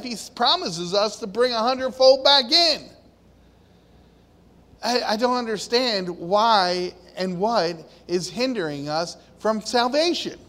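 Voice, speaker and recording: Male preacher, high voice, deliberate impassioned sermon delivery, reverberant hall. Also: fairly bright tone. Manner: impassioned, questioning the congregation.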